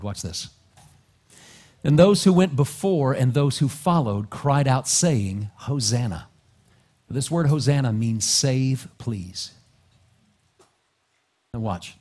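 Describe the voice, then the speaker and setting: Husky pastor preaching. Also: male voice. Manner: swings from soft, low asides to loud, rising exhortation. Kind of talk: sermon. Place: church sanctuary.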